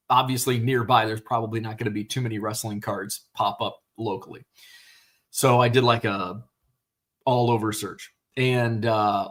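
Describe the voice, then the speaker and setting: A man's voice: medium pitch, fairly bright tone. Casual male stream host, middle-aged, rambly and unpolished, talking into a computer mic. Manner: rambling, many fillers and restarts, swears casually. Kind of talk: casual livestream chat.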